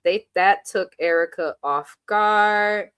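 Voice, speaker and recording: A woman's voice: mid-range voice, slow pace, fairly bright tone, smooth, no echo. A woman co-hosting a casual reality TV recap, blunt and sassy, reading viewer comments aloud. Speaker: show co-host.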